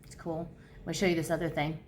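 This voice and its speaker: A woman's voice: low-pitched, quick pace, slight background noise. Bubbly rambling woman in her fifties. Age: 50s. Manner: bubbly, rambling, easily excited. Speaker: crochet vlogger. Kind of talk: casual chat. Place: her home.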